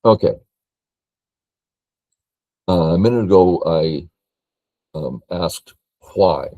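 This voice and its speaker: Slow, low-voiced older man teaching. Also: mellow, dry recording, highs cut off. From California. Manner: slow, thinking aloud, matter-of-fact. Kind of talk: game review lesson.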